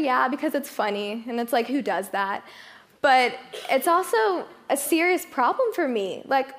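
A young woman with a fairly high voice gives a testimony to a youth gathering. She talks in a chatty, self-mocking way and keeps laughing at her own story. Her talk moves from faith to a funny camp story and back. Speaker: youth speaker. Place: fellowship hall.

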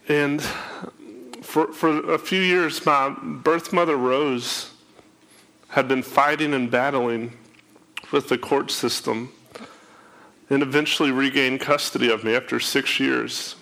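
Tearful man with a gravelly bright voice. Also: mid-range voice, fairly even intonation, slow. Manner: emotional, repeats words when moved. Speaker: speaker sharing his testimony. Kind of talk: personal testimony to an audience.

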